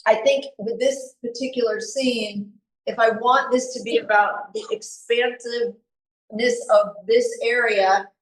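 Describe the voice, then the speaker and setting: A woman talks a live audience through her painting in a loose, chatty way, stopping to think aloud as she goes. She sits well back from the microphone, so her voice comes across thin and a little faint. The room around her rings with a strong echo. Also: medium pitch. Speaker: painting demonstrator. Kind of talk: live art demonstration talk. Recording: echoey room recorded from far off.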